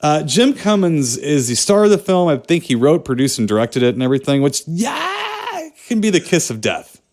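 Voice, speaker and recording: A man's voice: mid-range voice, lively intonation, fairly quick, darkish tone. A man co-hosting a podcast, chatting about movies in a joking, rambling way. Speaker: podcast co-host. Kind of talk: casual movie chat.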